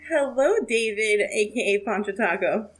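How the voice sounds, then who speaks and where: A woman's voice: medium pitch, moderate pace, slightly rough. A woman co-hosting a casual podcast chat, cheerful and teasing. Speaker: podcast co-host.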